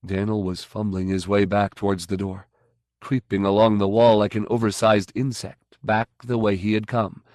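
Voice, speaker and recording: Male audiobook narrator, measured and even, lowish voice. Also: no room sound, studio quality. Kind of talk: scripted narration.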